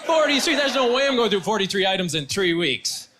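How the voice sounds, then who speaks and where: A man's voice: sits high, big pitch swings, brisk. A man performing stand-up comedy with punchy, self-deprecating delivery. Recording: live show with loud crowd and noise. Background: audience laughter.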